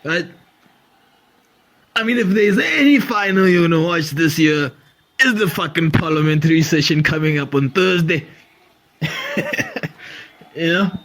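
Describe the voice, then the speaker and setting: A man's voice: fairly high pitch, normal speed, a bit bright. A man hosting a comedy podcast, riffing animatedly, swearing freely and laughing often. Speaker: podcast host. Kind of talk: comedic monologue.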